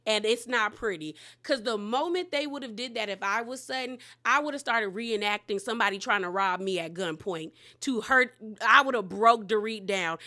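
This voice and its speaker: Brief: woman recap host, blunt and slangy, fairly high, bright and forceful voice. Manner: candid, slangy, emphatic. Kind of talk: casual commentary.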